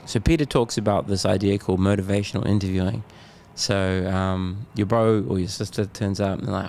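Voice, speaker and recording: Speaking a little fast with few pauses, this podcast guest has a deep, steady, slightly mellow voice. He's a middle-aged New Zealander and Muay Thai champion, chatting candidly and loosely, full of slang and laughter.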